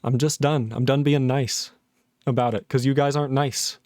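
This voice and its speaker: A man's voice: medium pitch, steady tone, moderate pace, darkish tone, no room sound, studio quality. A man livestreaming while he codes, ranting in an exasperated, sarcastic way, swearing often and mocking other people in put-on voices. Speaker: livestreaming programmer. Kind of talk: ranting casual stream talk.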